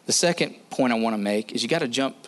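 A man's voice: medium pitch, expressive, fast talker. A man preaching a sermon in a conversational way, often repeating phrases for emphasis.

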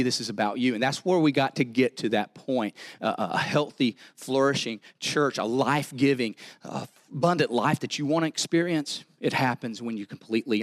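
A man with a Southern US accent preaching a sermon as pastor, animated and repeating words as he builds to excited exhortation. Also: mid-range voice. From American South.

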